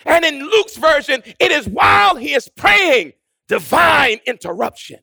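High, gravelly preacher with a lively cadence. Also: male voice, a little slow, dry recording, clean studio sound. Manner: rhythmic preaching with shouted build-ups and hushed drops. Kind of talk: sermon.

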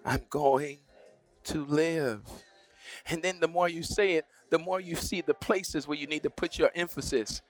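A man's voice: fairly high pitch, steady tone, a little fast, few pauses, soft background music. A man preaching and praying aloud, repeating phrases and urging his congregation to speak along. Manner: repetitive, exhorting, call-and-response. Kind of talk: sermon with prayer.

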